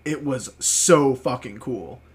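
A man's voice: medium pitch, slow pace, husky. A man telling a rambling story on a podcast, full of filler words and swearing. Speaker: podcast co-host. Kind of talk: casual chat, storytelling.

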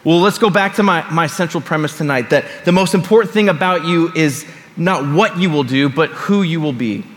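A man's voice: fairly high pitch, moderate pace, a bit bright. A man preaching a sermon to his church in a conversational way, with casual asides and repeated phrases. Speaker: pastor. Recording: long reverb of a large hall.

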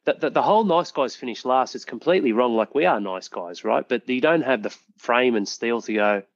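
A man's voice: mid-range voice, lively intonation, brisk, no room sound, highs cut off. A man hosting a podcast, talking earnestly and motivationally and swearing freely. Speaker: podcast host. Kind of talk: casual podcast chat.

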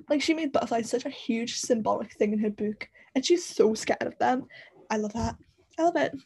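Woman, Northern English accent, young adult, podcast host, rambling fan gush, husky, fry. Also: a little high, darkish tone. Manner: gushing, rambling, heavy on fillers. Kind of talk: solo book-club podcast chat.

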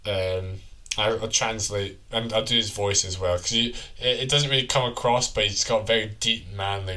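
A man's voice: on the low side, steady tone, moderate pace, sharp tone. A man in improvised comedy chat, talking in a loose, crude, stumbling way.

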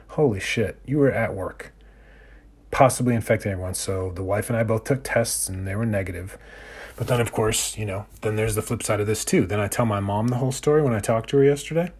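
A man's voice: on the low side, a little fast, breathy edge. A man in his thirties hosting a solo podcast, ranting in a profane, exasperated way. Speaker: podcast host.

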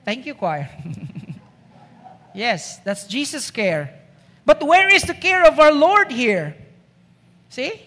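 A woman's voice: high-pitched, sing-song, slow, long pauses, a bit bright. A woman preaching a sermon in a church, emphatic and asking the congregation rhetorical questions. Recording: echoey church hall.

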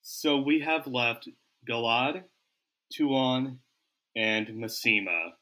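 A man playing a comedic tabletop game as a player, joking in a slow, deliberate way. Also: medium pitch, bright, forceful tone.

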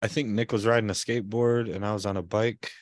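Man, low voice, dry close sound, casual podcast chat, swearing storyteller, father. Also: fairly even intonation, fast, dry recording. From Michigan. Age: adult parent. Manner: swearing storyteller who acts out quotes. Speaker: podcast co-host.

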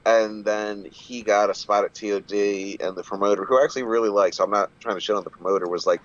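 A man's voice: lowish voice, quick pace, vocal fry, hardly any pauses, muffled recording. A man chatting casually on a podcast, swearing freely and laughing often. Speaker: wrestler guest.

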